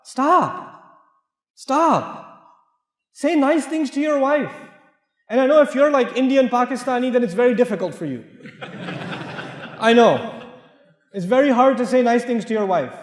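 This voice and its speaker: A man's voice: extremely high pitch, lively intonation, measured pace, long pauses. A man with an American accent preaching a joking, direct sermon to families. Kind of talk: humorous sermon. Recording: echoey hall with long reverb.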